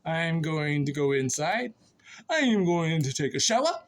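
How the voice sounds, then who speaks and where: A man's voice: fairly high pitch, big pitch swings, unhurried. A sleepy, goofy man rambling playfully in a casual vlog, recorded outdoors in his yard on a phone held on a selfie stick. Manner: goofy, playful, sing-song, laughs often. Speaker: vlogger. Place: outdoor yard after mowing.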